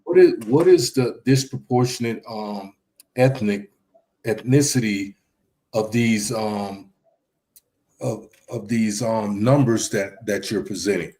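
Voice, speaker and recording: A man's voice: on the low side, slow, mellow. Hesitant man hosting a discussion. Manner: hesitant, many ums and restarts. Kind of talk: casual discussion.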